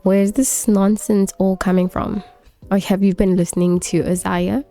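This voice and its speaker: A woman's voice: mid-range voice, flat delivery, moderate pace, warm tone, faint music behind, lightly acted. Evelyn, a woman playing a scheming rich mother. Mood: dismissive. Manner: dismissive, condescending.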